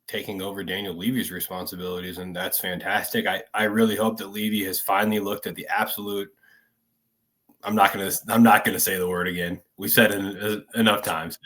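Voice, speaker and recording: A man with a fairly low voice co-hosts a casual football podcast. He talks in an emphatic, opinionated way and keeps tagging points with "right?". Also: fairly bright tone. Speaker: podcast co-host.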